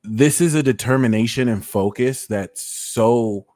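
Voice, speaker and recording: A man hosting a live tarot reading stream, chatting casually and giving shout-outs to viewers. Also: mid-range voice, measured pace, no room sound, clean studio sound. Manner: shouting out viewers' locations, loose and slangy. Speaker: tarot reader hosting a livestream.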